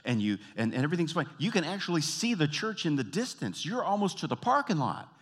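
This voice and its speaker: A man's voice: a little high, sing-song, fast, husky. A middle-aged man doing stand-up comedy, telling stories and breaking into character voices, often laughing at his own jokes. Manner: storytelling, self-amused, mimics voices.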